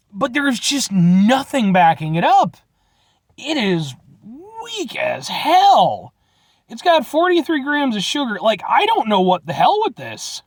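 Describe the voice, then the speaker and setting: In a dry, close recording with no surrounding room, a young Illinois man talks through a root beer review for his vlog. He meanders, speaks bluntly, curses casually, and keeps restarting, while his pitch moves a lot within each sentence.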